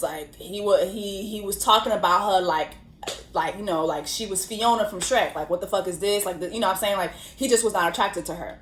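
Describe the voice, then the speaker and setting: A young woman hosting a casual commentary vlog, telling the story in an animated, slangy way with lots of swearing. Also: mid-range voice. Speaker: host. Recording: roomy echo.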